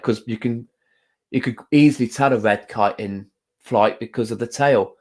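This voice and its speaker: This is a casual live-stream chat with card reading, hosted by a man whose voice sits in the mid range. He talks softly, greets viewers by name, and leans on many pauses and fillers.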